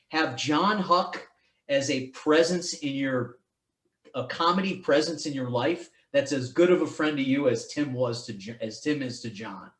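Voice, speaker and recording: A man's voice: medium pitch, reverberant. A man hosting a podcast in casual chat, rambling and restarting his sentences, swearing now and then. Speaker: podcast host.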